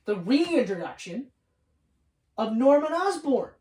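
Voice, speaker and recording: A woman's voice: on the high side, slow. A woman co-hosting a casual movie podcast, swearing often and acting out scenes in quoted voices as she talks. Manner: excitable, profane, acts out scenes in quoted voices. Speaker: podcast co-host. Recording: roomy sound from a distant mic.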